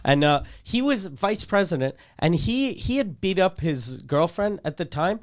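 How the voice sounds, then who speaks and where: A man's voice: sits high, expressive, measured pace. A middle-aged man, telling a story in a rambling, profane way full of restarts. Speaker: comedian and podcast co-host. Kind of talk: casual storytelling chat.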